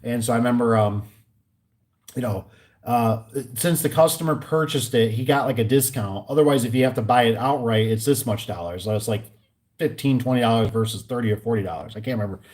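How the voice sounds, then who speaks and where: A man's voice: mid-range voice, a little fast, a little mellow. A man who installs garage doors, ranting casually in a vlog and acting out both sides of his phone calls. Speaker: garage door and gate installer.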